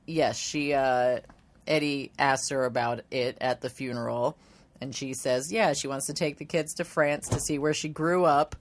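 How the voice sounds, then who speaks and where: A woman co-hosting a podcast, recapping a show in relaxed, giggly casual chat. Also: a bass voice, normal speed. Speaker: podcast co-host.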